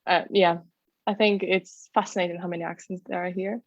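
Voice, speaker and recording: A woman's voice: fairly low pitch, little pitch movement, fairly quick, dry recording, highs cut off. A woman working as a travel guide, chatting casually in an interview with many fillers and restarts. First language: not English. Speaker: travel content creator and tour guide.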